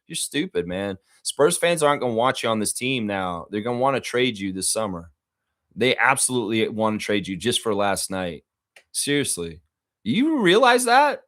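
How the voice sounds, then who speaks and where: A man's voice: lowish voice, normal speed, fairly bright tone. Profane ranting man. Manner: reads viewer comments aloud. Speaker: live stream host. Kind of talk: ranting reaction stream.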